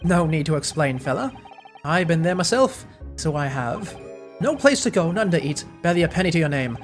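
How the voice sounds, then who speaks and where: Streamer reading a boastful rich Irish moneylender, rough put-on Irish accent. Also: medium pitch, big pitch swings, fairly quick, soft background music, close to an everyday voice. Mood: swaggering.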